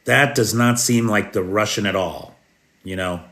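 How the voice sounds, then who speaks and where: Slow, emphatic American man on a livestream. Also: fairly low pitch, fairly bright tone. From United States. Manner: emphatic, indignant, with bursts of sarcasm. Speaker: live news host. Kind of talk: live-stream commentary with viewer Q&A.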